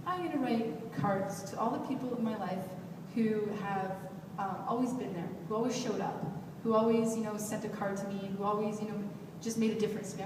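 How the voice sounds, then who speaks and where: Young woman telling a story in an echoey hall. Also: mid-range voice. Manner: candid, rambling, frequent "like" and restarts. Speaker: motivational speaker. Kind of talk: personal storytelling talk. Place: large hall at a youth event. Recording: echoey hall, distant mic, faint hiss.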